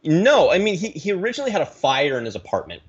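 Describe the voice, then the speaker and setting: A man from the Pacific Northwest, a guest telling his story in a rambling, animated way with many restarts, on a video call. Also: on the high side, quick pace, slightly rough, highs cut off. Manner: animated, rambling, self-correcting. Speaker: guest, aquarium YouTuber.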